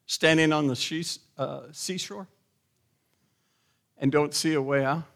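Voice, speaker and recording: This sermon comes from a middle-aged pastor whose voice is fairly high. He questions the congregation and swells into loud, emphatic exhortations.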